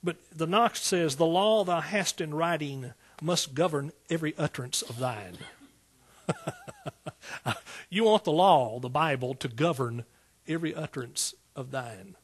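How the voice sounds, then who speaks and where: Male preacher, sermon delivery, a bit high and husky, emphatic and rousing, casual with the congregation. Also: very animated, measured pace. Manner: rises to emphatic exclaiming peaks; Southern "y'all" speech.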